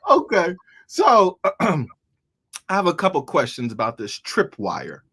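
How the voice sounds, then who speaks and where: Guy hosting, teasing his guest, slightly high voice. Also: huge pitch swings, measured pace, fairly bright tone, breathy edge. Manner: playful teasing. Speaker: host. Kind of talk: casual interview questions.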